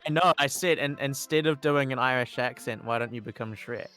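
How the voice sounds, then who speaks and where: A man's voice: medium pitch, fairly quick, pushed and bright. A man with a New Zealand accent trades jokes while co-commentating a speedrun. His delivery is playful and casual. Faint music plays behind him. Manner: joking, playful. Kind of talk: live esports commentary.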